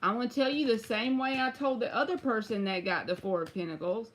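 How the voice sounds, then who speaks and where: A woman reads tarot for viewers in a relaxed, talkative way. Her voice sits a bit high, and she drops in y'all and bruh as she goes. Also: brisk. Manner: casual, chatty, uses y'all and bruh. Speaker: tarot reader. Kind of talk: live-stream tarot reading.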